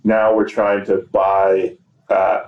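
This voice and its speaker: A man from the United States, a podcast guest, talking in a relaxed, wry, chatty way about his work. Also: deep voice, slow, reverberant, narrow, tinny audio. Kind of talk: casual chat.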